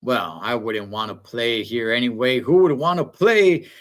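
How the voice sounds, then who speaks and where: A man's voice: medium pitch, moderate pace, a bit bright, lightly acted. A man quoting an indignant young girl in a mocking voice during a casual livestream rant. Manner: sarcastic, mocking quote.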